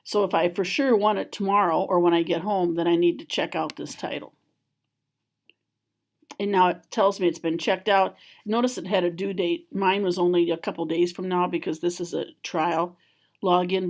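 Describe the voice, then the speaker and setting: A woman with a fairly low voice gives a screen-recorded software tutorial. She explains each step calmly and plainly, like a school library trainer talking viewers through clicks and menus. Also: normal speed.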